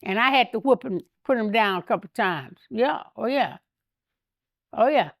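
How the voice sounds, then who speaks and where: An older woman as an interview guest, telling candid stories in an animated way, laughing often and acting out what others said. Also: on the high side, moderate pace, gravelly. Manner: animated, laughs often, acts out quoted speech. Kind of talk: candid storytelling.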